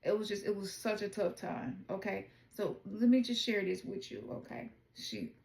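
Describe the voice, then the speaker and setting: A woman's voice: medium pitch, moderate pace, gravelly, a little mellow, roomy sound. A woman from Memphis with a Southern accent, giving a casual, chatty spiritual oracle card reading and talking straight to her viewers. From Memphis, Tennessee. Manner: chatty, informal, addresses viewers as y'all.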